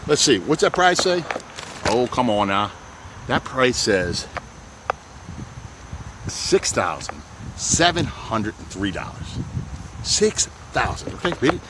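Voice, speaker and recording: A used car dealer talks up his stock as he walks his lot outside, a man in a mid-range voice with folksy, hard-selling patter. He keeps calling out to his viewers between prices. Faint traffic and outdoor ambience sit under his voice. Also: mid-range voice. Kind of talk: sales pitch walking a car lot.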